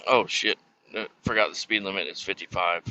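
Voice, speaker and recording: A man's voice: low voice, steady tone, a little fast, bright, forceful tone. A man in his thirties streaming a trucking game, chatting casually and telling rambling, profane stories. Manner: rambling, profane, laid-back. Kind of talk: casual gameplay chat and storytelling. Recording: slightly muffled dry mic.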